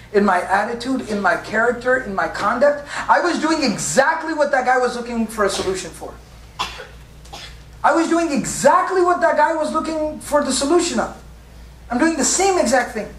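A man's voice: sits high, fairly bright tone, slight background noise. A man preaching a sermon, emphatic and full of rhetorical questions and repetition. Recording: echoey room from a distance.

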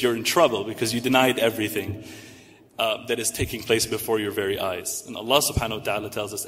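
A man giving a religious lecture as a preacher, speaking rhetorically, slowing down to stress points and mixing in Arabic terms. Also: medium pitch, fairly bright tone, big-room sound. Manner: rhetorical, slows down for emphasis, sprinkles Arabic terms. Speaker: Muslim preacher.

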